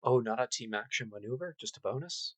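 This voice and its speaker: A man running a tabletop role-playing game, narrating in a casual, halting way. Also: medium pitch, expressive, a bit bright, poor audio. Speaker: game master.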